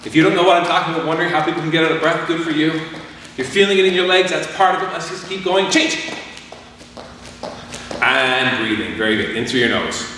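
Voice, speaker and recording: A man martial arts instructor leading a class warm-up, calling out counts and commands. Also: a little high, animated, fast talker, a little hiss or hum. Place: training hall. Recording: echoey hall from far off.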